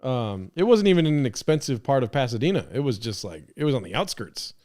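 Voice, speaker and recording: A man's voice: mid-range voice, big pitch swings, quick pace, a little mellow. A man hosting a live stream, rambling in casual commentary with lots of swearing, fillers and restarts. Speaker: podcast host streaming.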